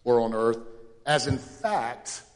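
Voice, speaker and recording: A male pastor preaching a sermon dramatically, rising to loud questions and dropping to hushed lows. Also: lively intonation, slow pace, big-room sound.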